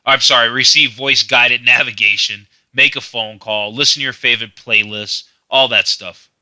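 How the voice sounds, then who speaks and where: A man's voice: mid-range voice, fairly even intonation, moderate pace, pushed and bright, dry recording, poor audio. A man casually walking through a car's feature page, reading text aloud and adding loose asides, with some stumbles and repeated words. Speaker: car review narrator. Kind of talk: casual screen-share walkthrough.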